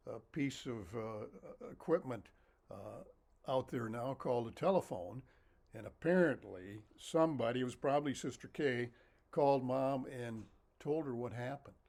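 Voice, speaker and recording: Lively man telling a childhood story. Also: medium pitch, creaky. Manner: lively, animated, laughs often. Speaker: storyteller and author. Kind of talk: casual anecdotal storytelling.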